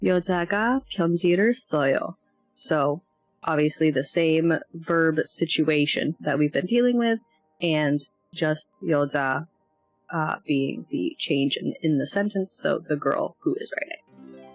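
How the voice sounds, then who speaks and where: A woman's voice: deep voice, unhurried, no room sound, soft background music. Rambling woman thinking aloud. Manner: rambling, hesitant, self-deprecating. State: yawning, tired. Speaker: language learner streamer. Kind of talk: casual lesson walkthrough.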